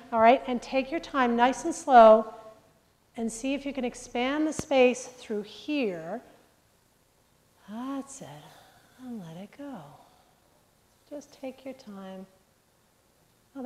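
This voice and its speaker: A woman's voice: fairly high pitch, takes it slowly, pauses often, a little mellow, a little hiss or hum. A woman coaching a group through breathing exercises in a live workshop, upbeat, joking and directive. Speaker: presentation skills coach. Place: large room with a group. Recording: reverberant hall sound.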